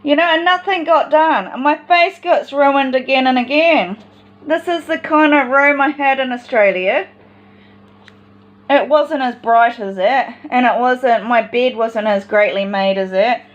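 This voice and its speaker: High-voiced woman, agitated and rambling. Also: a little slow, highs cut off. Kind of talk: personal vlog monologue.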